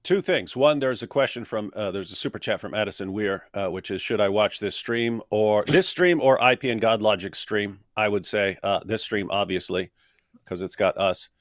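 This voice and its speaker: A man's voice: lowish voice, normal speed, no echo, studio quality. A man co-hosting a casual livestream discussion, rambling and joking with frequent restarts. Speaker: co-host of livestream.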